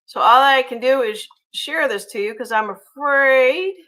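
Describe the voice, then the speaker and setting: A chatty woman hosts a casual livestream, reading viewer comments aloud. Her voice sits a little high and sounds bright and forceful, and she fills her pauses with ums and uhs. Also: rough recording. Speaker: livestream host.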